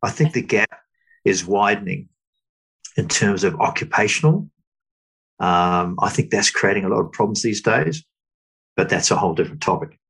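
A middle-aged man talks slowly and thoughtfully in a low, gravelly voice. There is a husky grain to it. He often stops, restarts, and fills gaps with small words. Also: lively intonation, a bit bright, rough recording. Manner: halting, thoughtful, many fillers and restarts. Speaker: guest. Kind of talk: reflective interview talk.

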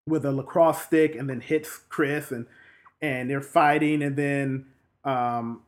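Man animatedly retelling a film plot. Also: medium pitch. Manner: animated, acts out characters' lines in quick bursts. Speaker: film recapper.

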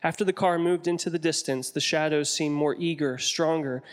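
A man reading a story aloud in a measured, descriptive way, as an audiobook narrator. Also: a little high, steady tone, long reverb tail.

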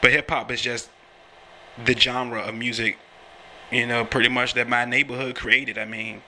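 A young man rambles through a loose, swear-heavy monologue as a talk host, laughing often as he goes. His voice is bright and forceful. A faint hiss of noise sits behind him. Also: medium pitch, little pitch movement, normal speed. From Virginia, USA. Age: young adult. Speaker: podcast host and rapper. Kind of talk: casual profane monologue.

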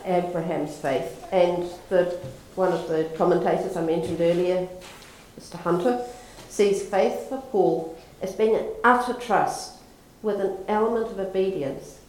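A woman's voice: lowish voice, unhurried, darkish tone, a little hiss or hum. A woman giving a sermon in a conversational, storytelling manner. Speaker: preacher. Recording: echoey room.

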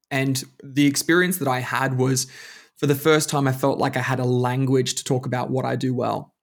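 A man who works as a strengths coach, hosting a podcast interview and talking in a reflective, steady way with frequent restarts. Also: mid-range voice. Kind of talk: conversational interview.

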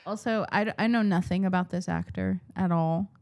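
A woman's voice: on the low side, fairly even intonation, fairly quick, vocal fry, a little mellow. A woman co-hosting a podcast, chatting casually about a horror movie with lots of fillers and giggles. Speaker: podcast co-host.

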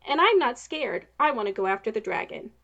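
A woman's voice: a little high, very animated, brisk, gravelly, a bit bright, lo-fi sound, pitched above the performer's own voice, full character voice. Woman doing a breezy, fearless princess. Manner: casual and breezy. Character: bold, unbothered young princess.

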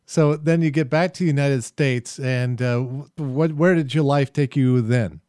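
Smooth-voiced male interviewer. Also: mid-range voice, unhurried, a little mellow. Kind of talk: casual interview.

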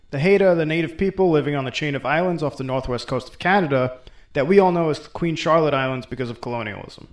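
A man retells a folktale as host, with a fairly high voice and an irreverent, profane, wisecracking delivery. His comedic asides come in a casual talking tone. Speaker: host and storyteller. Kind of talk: comedic folklore storytelling.

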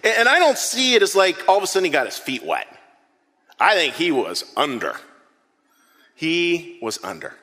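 A man preaching a sermon to his congregation, telling a story with lively acted-out moments. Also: a little high, moderate pace, pauses often, big-room sound. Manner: animated storytelling preacher, acts out scenes. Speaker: pastor. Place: church hall with an audience.

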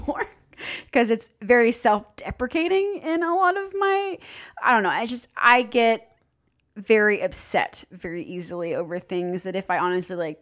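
A young woman co-hosting a podcast in casual chat, candid and profane, dropping into low mock-menacing asides. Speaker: podcast co-host.

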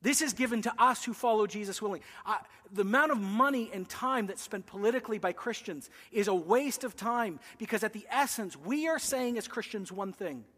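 High-voiced pastor preaching in a hall. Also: male voice, lively intonation, a little fast, few pauses. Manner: emphatic preaching with swings from loud to hushed. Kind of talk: sermon. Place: church.

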